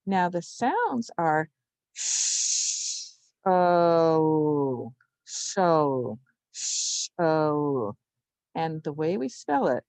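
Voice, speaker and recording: A woman teaching a spelling lesson to young children, slowly sounding out each syllable with patience. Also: mid-range voice, darkish tone, dry recording.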